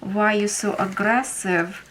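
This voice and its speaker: A woman from Ukraine with a Ukrainian accent, a craft vlogger casually telling a story while she organizes, pausing often as she searches for words. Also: medium pitch, fairly even intonation, fairly bright tone, a little hiss or hum, rough recording.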